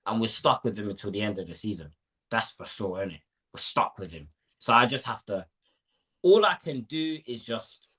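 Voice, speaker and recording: Animated young man ranting. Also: medium pitch, breathy edge. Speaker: football podcast panelist. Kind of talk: casual football chat.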